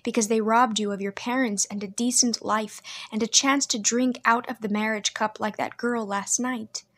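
A woman's voice: on the high side, fairly even intonation, moderate pace, a bit bright. A woman reading an audiobook, voicing a proud, bitter young man who snaps and broods. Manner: curt, brooding, snapping. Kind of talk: audiobook character voice.

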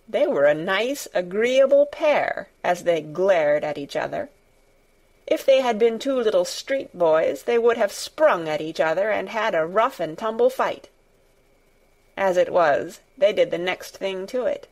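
A woman reading a children's novel aloud at an unhurried pace. Her pitch sits in a middle range, and she tells the story in a measured, expressive way. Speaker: audiobook narrator. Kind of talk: scripted narration.

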